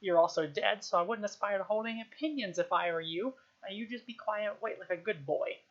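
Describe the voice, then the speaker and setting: A woman's voice: mid-range voice, brisk, dull audio, natural voice. A woman voicing a cheerful, earthy old village witch who talks bluntly and chattily.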